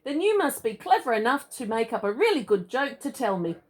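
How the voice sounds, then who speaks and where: Woman doing a super cheery giggly kids book guy who loves jokes, high pitched. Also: big pitch swings, a little fast, slightly rough. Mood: cheerful. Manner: laughing, bubbly.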